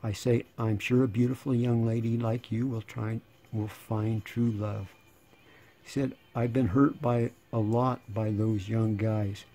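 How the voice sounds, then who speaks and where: A man in his sixties, rambling and sarcastic in a casual monologue, slightly hoarse. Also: fairly low pitch, flat delivery, measured pace, dark tone. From United States. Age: 60s. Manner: sarcastic, rambling, laughing between lines. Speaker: channel host.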